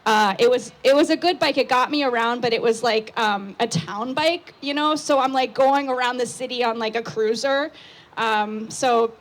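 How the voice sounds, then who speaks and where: A young woman on an outdoor patio stage, telling a story into a microphone, loud and excitable with lots of fillers. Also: fairly high pitch, moderate pace.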